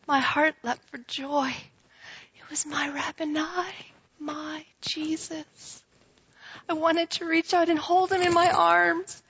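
A woman's voice: very high voice, unhurried, vocal fry, few pauses, fairly bright tone, dull audio, heavily acted. A woman playing Mary Magdalene in a dramatic biblical monologue, speaking intimately and sometimes dropping to a whisper. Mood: tender. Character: Mary Magdalene, grieving then joyful woman.

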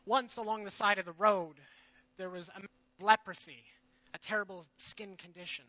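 A man playing the disciple Peter in a dramatic biblical monologue, earnest and shifting from loud to hushed. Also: high-pitched, fairly even intonation, normal speed, no room sound, lo-fi sound.

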